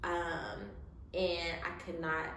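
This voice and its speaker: Young woman, storytelling chat, lots of fillers, low voice, very echoey room, faint noise. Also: completely flat delivery, slow pace, a bit bright. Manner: emotional, many fillers and quoted speech. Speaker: co-host.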